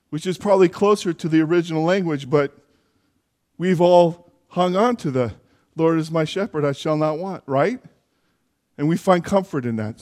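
In church, a man with a high-pitched, darkish-toned voice preaches a sermon. His delivery is conversational, full of asides and self-corrections along the way.

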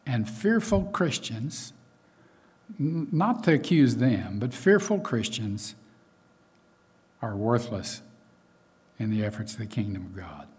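A man's voice: medium pitch, sing-song, takes it slowly, long pauses, darkish tone. A man preaching a sermon in a conversational way, with frequent asides and fillers.

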